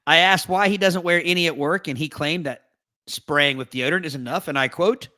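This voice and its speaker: A man's voice: medium pitch, normal speed, sharp tone, dry recording. Joking man co-hosting a podcast, dry sound. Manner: joking, playful asides while reading. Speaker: podcast co-host. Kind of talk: casual chat, reading a forum post aloud. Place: live podcast recording.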